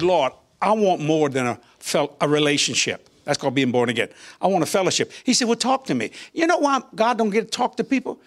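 An older man tells his testimony in a high, lively voice that climbs and drops. He talks casually and laughs often, and he acts out the quotes with sudden leaps in pitch. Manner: animated, laughing, colloquial, voices quotes with big pitch jumps. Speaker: guest minister. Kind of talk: testimony storytelling.

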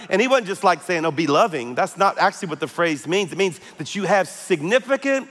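A man's voice: high-pitched, sing-song, fairly quick, few pauses, a bit bright, big-room sound. A male pastor, preaching a conversational sermon with frequent fillers. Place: large church auditorium.

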